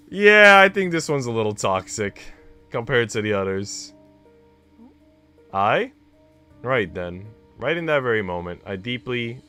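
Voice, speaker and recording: A man streaming himself reading a visual novel aloud, expressive and reacting out loud between lines. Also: medium pitch. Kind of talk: dramatic read-aloud with commentary.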